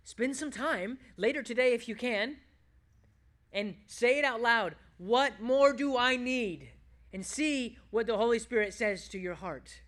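Pastor, male, bright tense voice, emphatic preaching with hushed asides. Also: a little slow. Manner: swings between loud emphatic bursts and hushed, low reflective passages. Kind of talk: sermon.

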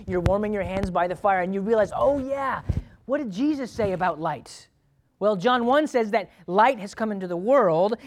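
A man, a pastor, preaching a sermon in a conversational way, asking the congregation questions and acting out thoughts and prayers aloud. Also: high voice.

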